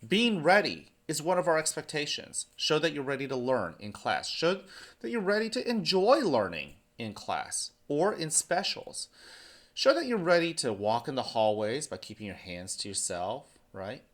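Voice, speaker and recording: A man's voice: on the high side, sing-song, normal speed, a bit bright. A man who is a school principal, giving morning announcements and speaking encouragingly to students.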